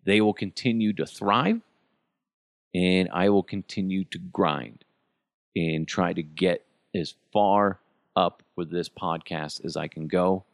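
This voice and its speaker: A man's voice: low voice, slow pace, vocal fry, no room sound, clean studio sound. A middle-aged man hosting a solo podcast, talking in a casual, rambling way and often restarting his sentences. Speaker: podcast host.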